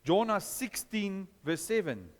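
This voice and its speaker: A man preaches with a high, lively voice that leaps up and down as he questions his listeners. His sermon rings through a hall with a long reverb trailing every phrase. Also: measured pace. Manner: questions the congregation, animated. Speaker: pastor.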